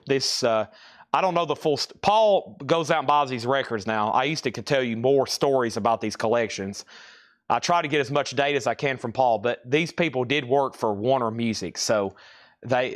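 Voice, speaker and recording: A man's voice: mid-range voice, fairly bright tone. A man running a live-stream record sale, calling out lots and bids with casual asides. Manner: rapid lot calls and bid tallies with casual asides. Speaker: live auction seller.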